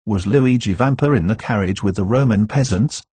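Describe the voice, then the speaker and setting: A man reading the part of an earnest, persuasive young gentleman in an audiobook. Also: on the low side, normal speed, slightly rough, no echo.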